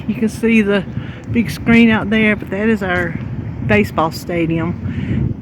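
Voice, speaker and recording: A woman from North Carolina with a Southern accent, chatting folksily to viewers as she gives a walking tour of her town, filmed outdoors on her phone. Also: fairly low pitch. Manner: chatty, folksy, rambling, talks to viewers as y'all. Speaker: vlogger. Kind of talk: casual walking tour chat. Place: outdoors on town streets, windy. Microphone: handheld phone. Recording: loud street and traffic noise. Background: cars and city traffic.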